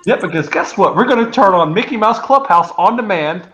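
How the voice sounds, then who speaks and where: A woman's voice: mid-range voice, animated, fairly quick, fairly bright tone, echoey room, muffled recording. A woman on a video call chatting casually and playfully, coaxing and laughing as a parent. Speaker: parent on a livestream panel.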